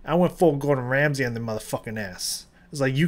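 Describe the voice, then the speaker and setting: A man giving casual reaction commentary, ranting and swearing, swinging between loud outbursts and low muttering, his voice strained. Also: a little fast. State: voice strained, recovering. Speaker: video reactor.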